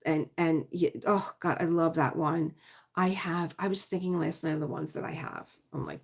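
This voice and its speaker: A woman's voice: low-pitched, steady tone, moderate pace, vocal fry, breathy edge. A middle-aged woman hosting a casual diamond painting livestream, chatty and rambling, often trailing off to search for words. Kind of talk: casual live-stream chat.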